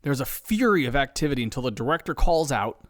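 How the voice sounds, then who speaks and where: A man telling a scripted comedy story with deadpan asides. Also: medium pitch, quick pace, no echo, studio quality. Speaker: podcast narrator.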